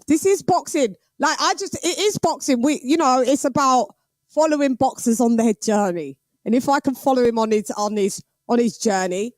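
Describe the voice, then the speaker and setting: Animated woman hosting a boxing stream. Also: on the high side, no echo. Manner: animated, banter with patois slang. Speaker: host of a boxing livestream. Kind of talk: casual livestream commentary.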